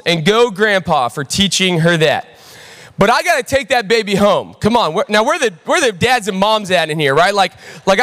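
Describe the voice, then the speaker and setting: A young man, preaching a sermon as a pastor and telling a story, animated and calling out to the audience. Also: high voice. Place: large church auditorium. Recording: long hall reverb.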